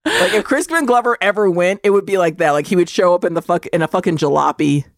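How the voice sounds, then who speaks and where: A woman's voice: fairly low pitch, lively intonation, quick pace, gravelly, no room sound. Woman podcast co-host, profane storyteller, dry close sound. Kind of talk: casual chat.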